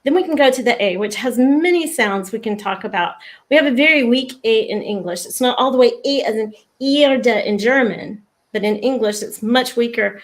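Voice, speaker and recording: A woman with a fairly high voice talks through diction in an interview. She is patient and instructive, slowing down to sound out sample words. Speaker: lyric diction expert, guest. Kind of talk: explanatory interview talk.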